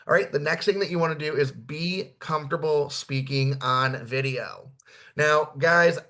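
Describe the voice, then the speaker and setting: A man's voice: medium pitch, a bit bright. A man who is a therapist, giving a blunt, casual training talk on marketing, swearing now and then and tagging his points with "right?".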